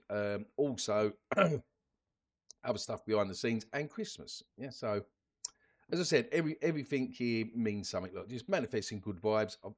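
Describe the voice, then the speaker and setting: A man with a fairly low voice hosts a crypto channel and talks loosely through what he shows on screen. He chats along, tags "yeah?" and "guys" onto his lines and trips back over his own words. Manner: chatty, keeps adding "yeah?" and "guys"; restarts and repeats words often. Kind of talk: casual screen-share commentary.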